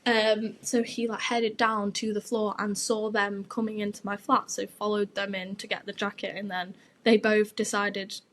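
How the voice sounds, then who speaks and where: A woman's voice: mid-range voice, level tone, moderate pace, a bit bright. A young woman, hosting her podcast and telling a gossipy story in a frank, sweary, chatty way. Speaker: podcast host.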